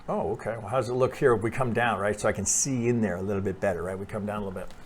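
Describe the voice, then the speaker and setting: Talking very fast in a fairly low, steady voice, a trading analyst breaks down charts over screen share, thinking aloud, restarting, repeating "right?" and swearing bluntly. A little hiss or hum runs through the recording.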